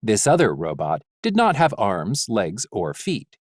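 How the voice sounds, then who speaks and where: A man narrating a fantasy audiobook in an expressive, measured way. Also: lowish voice, no echo, studio quality. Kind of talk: scripted narration.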